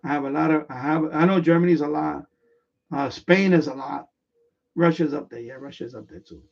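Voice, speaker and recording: A man's voice: a little high, fairly quick, vocal fry. A man hosting a live stream, telling a story in a rambling, repetitive way with lots of restarts. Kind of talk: casual live-stream chat. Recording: far from mic, dull lo-fi sound.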